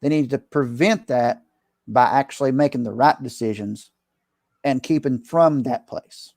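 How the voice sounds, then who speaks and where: A man's voice: mid-range voice, a little slow, creaky, darkish tone, no room sound, clean studio sound. A middle-aged man, a preacher, talking earnestly in casual conversation, rambling with restarts and slipping into preachy advice.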